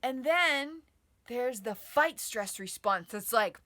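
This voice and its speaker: In this online teaching video, a trauma and nervous-system educator explains the nervous system in a slightly high, animated voice that is bright and forceful yet unhurried. Her explanation is packed with fillers like "like" and "um," and she now and then performs inner voices with dramatic flair.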